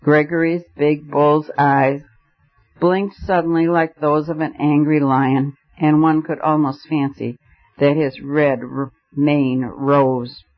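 Brief: male audiobook narrator, somewhat high voice, dull lo-fi recording. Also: level tone, slow pace. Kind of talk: scripted narration.

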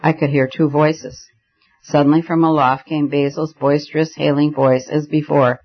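A man reading a novel aloud in first person, with a measured storytelling delivery, in a slightly muffled recording. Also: on the high side, flat delivery. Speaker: audiobook reader.

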